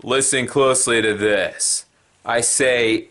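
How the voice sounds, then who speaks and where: A man's voice: mid-range voice, slow, fairly bright tone. A man hosting a paranormal investigation show, narrating a ghost hunt in an earnest, plain-spoken way.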